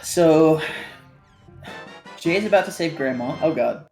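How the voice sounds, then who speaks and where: A man's voice: on the high side, slow pace, a little mellow, faint music behind. A man commentating a live game tournament casually, laughing easily and asking his co-commentators questions. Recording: roomy echo on his mic.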